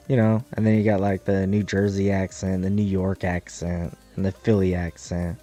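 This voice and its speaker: A young American man streaming, chatting casually in a profane, rambling, animated way. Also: sits low, moderate pace, few pauses, soft background music. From United States. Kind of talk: casual chat while gaming.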